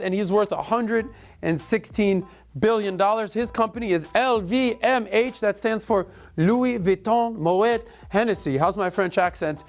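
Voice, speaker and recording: A middle-aged man hosting a podcast, giving a casual rapid-fire rundown with breezy, joking asides. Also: high-pitched. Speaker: podcast host.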